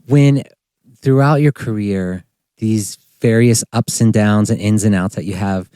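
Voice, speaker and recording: A man's voice: on the low side, measured pace, mellow, clean tone, no echo. A man hosting a podcast, asking reflective questions and encouraging his guest. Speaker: podcast host. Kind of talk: interview questions.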